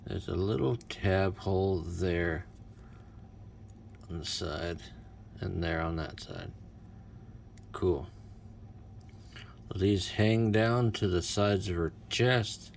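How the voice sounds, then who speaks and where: A man's voice: low-pitched, creaky, a little hiss or hum. A man doing casual unboxing commentary as a toy reviewer, with wry, self-mocking asides.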